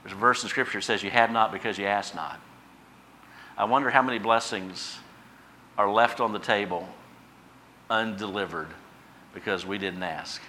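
Bright-voiced man preaching a sermon. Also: fairly low pitch, fairly even intonation, normal speed, long pauses, slight background noise. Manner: impassioned preaching, swells loud on repeated phrases then drops quiet; conversational asides to the congregation. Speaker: pastor.

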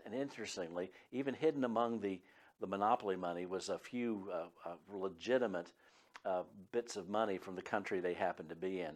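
A man, a pastor and Bible teacher, preaching an earnest, emphatic sermon with frequent fillers. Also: fairly low pitch. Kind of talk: radio sermon.

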